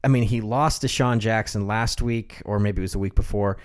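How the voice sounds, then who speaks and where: A man's voice: fairly low pitch, a little fast. A man co-hosting a podcast, chatting casually about football picks in a teasing, joking way. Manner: teasing, chatty, laughs often. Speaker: podcast co-host. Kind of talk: casual sports chat.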